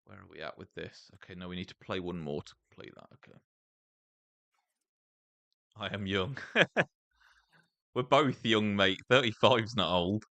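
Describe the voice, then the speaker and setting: A man's voice: low-pitched, unhurried, creaky, pauses often, bright, forceful tone, no echo. A young man with an English accent chatting casually while streaming gameplay, laughing often and saying "mate" and "like" a lot. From England. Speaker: gaming streamer.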